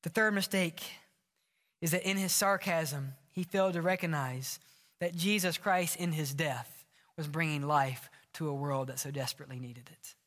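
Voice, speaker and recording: A man preaching a sermon as pastor, impassioned and earnest, sometimes dropping his voice low for emphasis. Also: moderate pace, a bit bright. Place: large church sanctuary. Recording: long hall reverb.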